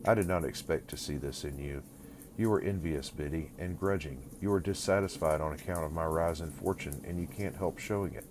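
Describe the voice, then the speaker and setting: A man's voice: rumbling low, fairly quick, background noise. A man voicing a proud young man newly come into fortune, who talks down in a lofty, condescending way.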